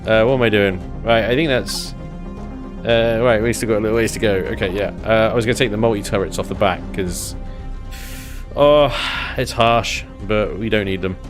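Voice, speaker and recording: A man's voice: fairly low pitch, moderate pace, over music. A man chatting casually while live-streaming a building game, thinking aloud and chuckling often.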